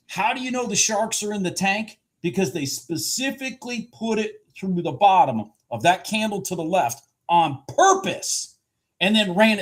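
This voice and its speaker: A man live-streaming his day trading, commenting excitedly on the market, swearing and repeating himself as he shifts between shouting and muttering. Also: sits high. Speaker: livestream day trader.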